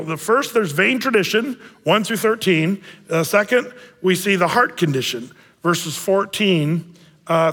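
Preaching with an easygoing, talky delivery, a male pastor whose voice runs on the high side keeps pausing on fillers and rephrasing mid-thought. Long reverb fills the sermon, as though it were recorded in a spacious hall.

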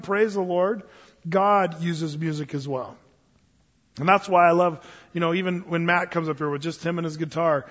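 A man preaching a sermon in a church, telling stories with animated delivery and acting out the voices of others. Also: sits high, big-room sound, highs cut off. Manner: animated storytelling, acts out quoted voices. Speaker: pastor.

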